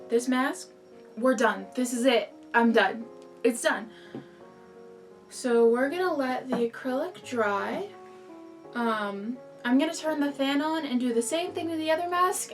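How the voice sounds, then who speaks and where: A woman chatting casually in a craft vlog, easily excited and talking to herself as she works. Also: fairly high pitch, far from the mic. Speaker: crafter showing a handmade mask. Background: faint background music.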